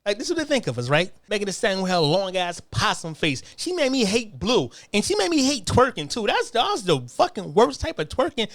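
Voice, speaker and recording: High-pitched, animated man ranting. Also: fairly quick, hardly any pauses, dry recording. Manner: animated, crude and heated, stammers repeated words. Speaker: political commentator. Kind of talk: profane political rant.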